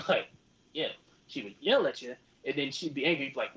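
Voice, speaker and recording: Young man, casual podcast chat, lively swooping pitch, profane, lo-fi sound. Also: moderate pace. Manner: loose, profane storytelling with acted-out quotes. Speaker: podcast co-host. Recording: dull lo-fi podcast audio.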